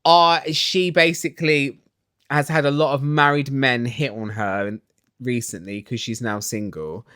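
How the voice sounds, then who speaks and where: Brief: sassy young guy doing a gossip recap, mid-pitched, dry close mic. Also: steady tone, measured pace, pushed and bright, clean tone, no room sound. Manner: catty, sarcastic, chatty. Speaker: recap vlogger. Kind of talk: casual TV recap.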